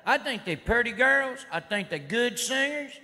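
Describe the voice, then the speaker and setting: Male comedian, rowdy redneck act, high voice, live stage with noisy audience. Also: expressive, moderate pace. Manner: rowdy redneck persona, drawling and shouting. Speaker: stand-up comedian. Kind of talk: stand-up routine. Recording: live hall recording with crowd noise. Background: audience laughter and noise.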